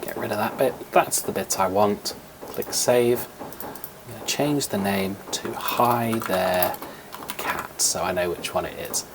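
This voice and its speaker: A man's voice: lowish voice, lively intonation, unhurried, vocal fry, background noise. Man patiently explaining a kids' coding lesson. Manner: patient, step-by-step explaining with fillers. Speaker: teacher. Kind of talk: screen-recorded coding lesson for children. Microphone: computer microphone.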